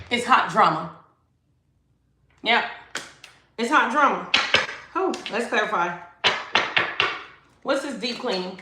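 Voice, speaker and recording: A woman giving a livestreamed tarot reading. She is emphatic and slangy and repeats her phrases. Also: mid-range voice. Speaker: tarot reader. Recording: echoey room, faint noise.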